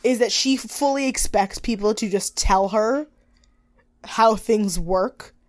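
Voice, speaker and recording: A young woman co-hosting a casual recap chat, animated, acting out quotes in high voices and swearing freely. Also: takes it slowly, no echo. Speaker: podcast co-host.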